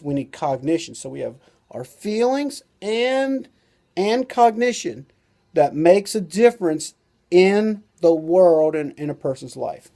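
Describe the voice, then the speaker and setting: A man's voice: sits high, animated, takes it slowly, warm tone. A man who is a doctor and author gives an informal talk-to-camera lesson, rambling loosely with lots of "you know" and "like".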